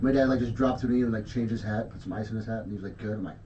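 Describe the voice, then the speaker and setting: A man in casual, crude chat with friends, laughing through family stories, recorded from a distance with loud noise behind him. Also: on the low side, racing, roomy sound. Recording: distant, dull sound with loud noise and clicks.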